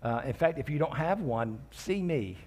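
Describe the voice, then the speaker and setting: This pastor's husky, slightly breathy voice is fairly high, a little mellow and lively in intonation, moving at a moderate pace. In his sermon he reads scripture verse by verse, explains it conversationally and slips in joking asides to the congregation.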